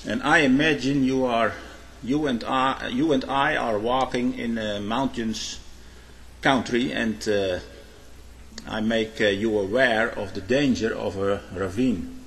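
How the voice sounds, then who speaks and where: A man preaching a sermon. He tells illustrative stories, pauses on hesitations, and keeps adding a questioning "eh?". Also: mid-range voice, fairly even intonation, a bit bright. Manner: frequent "eh?" tag questions, halting restarts. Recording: long hall reverb.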